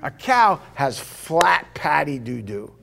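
A man's voice: on the high side, big pitch swings, takes it slowly, vocal fry, pushed and bright, exaggerated voice. A man putting on a cheeky little girl. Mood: matter-of-fact. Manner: sassy, matter-of-fact. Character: blunt, cheeky little girl about twelve.

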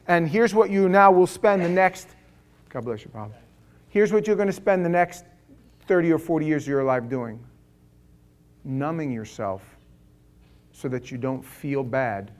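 A middle-aged man preaching a sermon as pastor, in a conversational storytelling way that swings from hushed lines to loud ones and acts out other people's voices. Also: fairly high pitch, moderate pace.

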